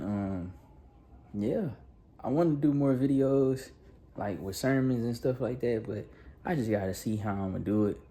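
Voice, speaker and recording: A man in his thirties preaching a casual, animated storytelling sermon that is full of laughs, with a nervous edge. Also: fairly low pitch. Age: 30s. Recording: echoey room from a distance.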